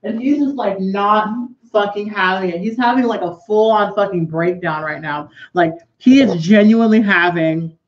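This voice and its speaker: A woman's voice: medium pitch, moderate pace, few pauses. Rambling, profane woman vlogger, lo-fi sound. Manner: rambling and profane, drifting into asides while doing makeup. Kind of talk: casual storytime vlog.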